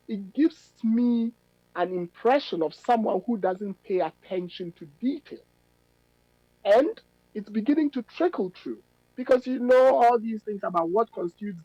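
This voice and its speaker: A middle-aged academic man, giving measured, analytical radio interview answers with emphatic stresses. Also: high-pitched, darkish tone, no echo, highs cut off. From Ghana. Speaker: policy fellow and academic guest.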